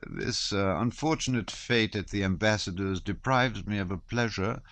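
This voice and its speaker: A man voicing a worldly older prince who speaks with smooth courtesy. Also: lowish voice, moderate pace, a bit bright, no echo, pitched above the performer's own voice, natural voice. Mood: courteous.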